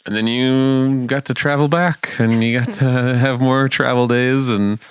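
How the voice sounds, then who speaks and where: A man's voice: mid-range voice, fairly even intonation, measured pace, clear, resonant tone, no room sound. A man co-hosting a podcast, recapping events and checking details with his co-host. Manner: prompting, recapping with questions. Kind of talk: casual chat.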